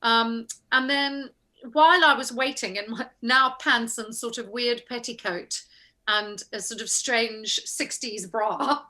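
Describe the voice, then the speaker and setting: A woman actress telling an anecdote in an interview, animated and acting out the people she quotes. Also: on the high side, measured pace.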